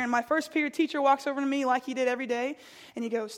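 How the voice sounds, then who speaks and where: A woman's voice: sits high, fairly even intonation, fast. A young woman preaching a conversational sermon, earnest, telling stories and repeating her phrases for emphasis.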